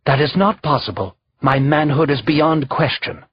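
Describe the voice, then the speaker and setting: A man's voice: fairly high pitch, moderate pace, slightly rough, dull audio, voice pushed up. A man voicing a proud, hot-tempered young king who gives haughty commands in an audiobook. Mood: commanding.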